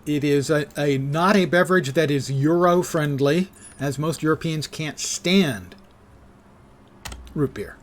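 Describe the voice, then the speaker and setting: A man's voice: a little high, measured pace. A man in his sixties streaming a game and chatting casually, with dry, self-mocking asides. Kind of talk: casual live gameplay chat.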